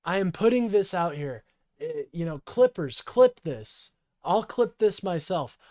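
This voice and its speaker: A man's voice: high voice, expressive, a little slow, mellow, no echo, clean studio sound. A man in his twenties giving profane, heated reaction commentary on a clip. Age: 20s. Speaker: political streamer.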